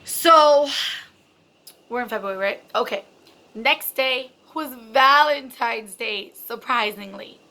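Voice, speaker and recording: Speaking slowly at a fairly high pitch, this young adult woman has a pushed, bright voice as she tells a personal story. Her delivery is casual, emotional, and candid, full of swearing and constant "like" and "you know."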